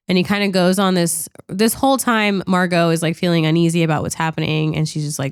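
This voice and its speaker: A woman's voice: lowish voice, quick pace, hardly any pauses, smooth, no echo, studio quality. A woman co-hosting a podcast, chatting casually about a movie, talking loosely with lots of "like" and the odd swear. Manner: chatty, animated, peppered with "like" and swearing. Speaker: podcast co-host. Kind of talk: casual movie review chat.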